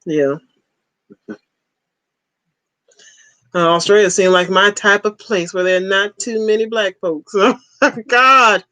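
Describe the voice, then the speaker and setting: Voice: medium pitch, fairly even intonation, unhurried, long pauses, fairly bright tone, no room sound, rough recording. Laid-back livestream host in their forties. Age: 40s. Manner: laid-back, chuckling, repeats short replies. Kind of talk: casual livestream chat.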